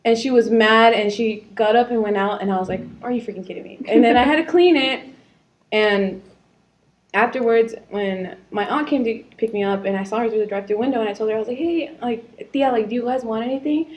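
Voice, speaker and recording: A young woman with a slightly high voice tells stories from her teenage job on a casual podcast, laughing often. She acts out what people said to her as she goes. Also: brisk. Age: young adult. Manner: storytelling with frequent laughter and acted-out quotes. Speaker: podcast co-host. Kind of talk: casual chat.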